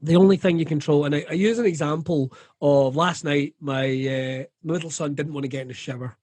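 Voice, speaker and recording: A middle-aged Scottish man talking frankly and animatedly, swearing freely and slipping into other people's voices as he tells it. His voice sits a touch high, and the sound is dry and close. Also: steady tone, fairly quick, a little mellow, dry recording. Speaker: comedian guest. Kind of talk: candid conversational interview.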